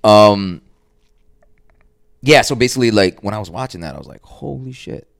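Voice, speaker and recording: A man with a deep, smooth voice talks loosely and animatedly about his life, swearing freely and acting out the people he quotes. The sound is dry and close, with no room around it. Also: expressive, moderate pace, no room sound. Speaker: guest artist. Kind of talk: casual podcast storytelling.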